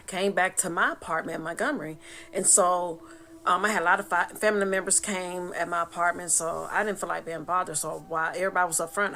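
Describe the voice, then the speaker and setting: Woman telling a story, bright voice. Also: fairly low pitch, a little hiss or hum. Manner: animated, emotional, laughing through the story. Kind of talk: casual personal storytelling.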